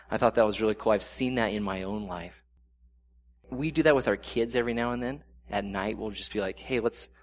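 Earnest preacher man, low voice. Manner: earnest, conversational, reads scripture slowly. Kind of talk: sermon.

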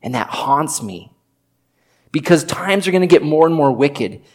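A man's voice: fairly high pitch, lively intonation, a little slow, darkish tone. A middle-aged man preaching a sermon, telling personal stories in an earnest, conversational way with occasional joking asides. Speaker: pastor.

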